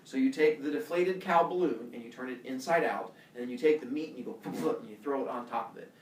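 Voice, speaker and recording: A man's voice: medium pitch, quick pace, natural voice. A man voicing a sly, exasperated trickster god who talks in a sarcastic, conspiratorial way. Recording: echoey room from far off.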